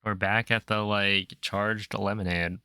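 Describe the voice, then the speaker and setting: A man's voice: lowish voice, flat delivery, measured pace, pushed and bright, clean tone, dry recording. A man streaming a video game, chatting casually and joking back and forth with his chat at a desk mic. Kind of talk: casual chat while gaming.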